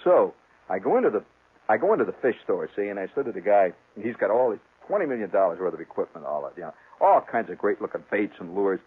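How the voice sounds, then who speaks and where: A man telling a rambling, humorous fishing story on the radio, jumping up and down in pitch as he gets worked up. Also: fast talker, slightly rough. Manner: rambling, animated, restarts, chuckles. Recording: tinny, phone-like old radio sound.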